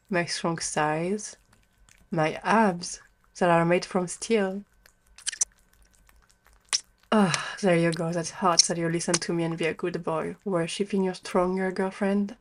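A young woman in an adult audio role-play, speaking to the listener as a doting girlfriend in a soft, affectionate way. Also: fairly low pitch.

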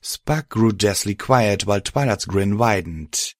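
A man narrating a story with a steady, dramatic reading. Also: fairly low pitch, a little slow, no echo, clean studio sound.

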